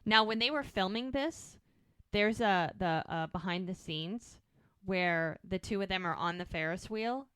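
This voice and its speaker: A woman co-hosting a podcast, casually recapping a TV episode as an animated storyteller with chatty asides. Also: mid-range voice, a little slow, clear, resonant tone, dry recording. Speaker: podcast co-host.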